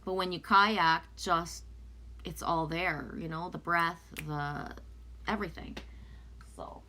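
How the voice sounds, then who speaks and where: A woman's voice: lowish voice, steady tone, slow, sharp tone, slight background noise. A woman whose first language is French, casually chatting with viewers and reading oracle cards aloud in a live stream. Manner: chatty, loose, talks back to viewers' comments. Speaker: oracle card reader.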